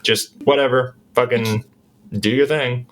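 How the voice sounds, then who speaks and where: A man's voice: medium pitch, fairly even intonation, a little slow, fairly bright tone, slight background noise. A man co-hosting a comedy history podcast, chiming in with laid-back, crude banter. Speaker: podcast co-host. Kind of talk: casual comedic history chat.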